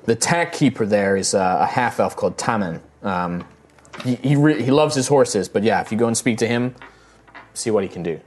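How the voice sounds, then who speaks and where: A man's voice: lowish voice, lively intonation, normal speed. A man narrating a tabletop game as game master, rambling with many fillers and restarts.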